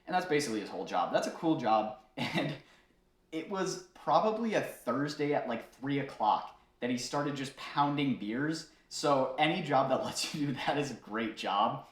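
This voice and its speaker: A man recounting a story from behind the bar in an easy, chatty way, full of fillers and quick laughs. His voice sits at an ordinary middle pitch. The sound carries a roomy echo. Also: expressive. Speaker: bartender telling a story to viewers. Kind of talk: casual storytelling.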